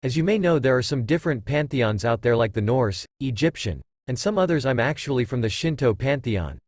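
A man's voice: mid-range voice, lively intonation, brisk, a little mellow, no room sound, clean studio sound, natural voice. A man voicing a proud, regal sun goddess and mother who speaks coolly and matter-of-factly. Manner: matter-of-fact, cool.

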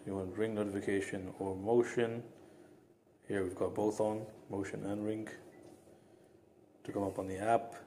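A man's voice: fairly low pitch, creaky, warm tone, slight background noise. A man reviewing a product, walking through its features step by step in a casual, chatty way.

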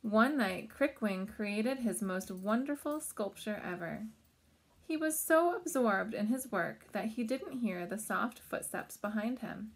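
Gentle woman reading a picture book. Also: medium pitch, lively intonation, measured pace, breathy edge. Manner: gentle, stops to chat about the pictures. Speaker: storybook reader for children. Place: home.

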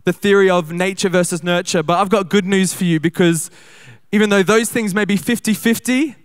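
A young man preaching a sermon at a church service, talking conversationally in quick bursts and slowing down to read scripture. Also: sits high, fairly bright tone, smooth.

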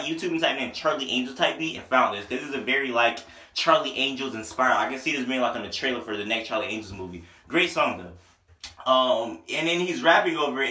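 A man reviewing an album in a casual, rambling way, excitable and full of slang, with a headache. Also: medium pitch. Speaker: music reviewer. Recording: echoey room.

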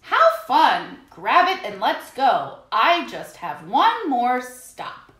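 A woman hosting a children's music show, reading a picture book aloud and talking to the kids in an animated, sing-song way. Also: a little high, takes it slowly. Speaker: children's music teacher and host. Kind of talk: storytime read-aloud for kids. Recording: echoey room, faint hiss.

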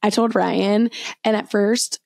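A woman's voice: medium pitch, steady tone, slow pace, gravelly, a little mellow, dry recording. Young woman cohost, chatty storyteller, keeps restarting sentences, dry mic. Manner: chatty storyteller, many self-corrections and restarts. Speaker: podcast co-host. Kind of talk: casual chat.

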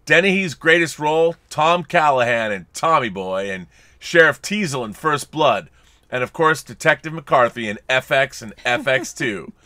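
Man, podcast co-host, reads chats aloud, playful, bright tone, dry sound. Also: mid-range voice, expressive, normal speed, dry recording. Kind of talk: casual livestream chat reading viewer messages.

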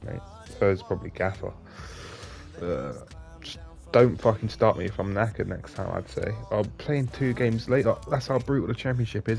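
A man giving live, sweary commentary on his own football video game, jumping between excited shouts and flat grumbling. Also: lowish voice, gravelly. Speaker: gaming YouTuber.

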